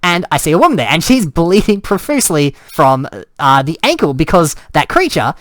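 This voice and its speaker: Lively man telling a story. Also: a little high, moderate pace, no room sound. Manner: animated, acts out sounds and cries, restarts often. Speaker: storyteller and host. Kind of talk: casual spoken storytelling.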